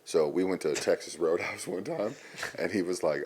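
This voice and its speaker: Low-voiced man, laughing casual talk. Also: normal speed, a little mellow, husky. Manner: laughing, swearing, drops to a low mumble. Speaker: podcast guest. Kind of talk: casual chat.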